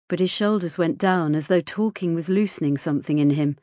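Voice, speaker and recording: A woman narrating a first-person story in a measured, quiet way. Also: lowish voice, no echo, studio quality. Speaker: audiobook narrator.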